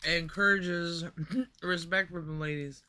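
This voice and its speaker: A man's voice: a little high, fairly even intonation, takes it slowly, sharp tone, slight background noise. A man hosting a reaction video, making incredulous, wisecracking asides about clips. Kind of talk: casual reaction commentary.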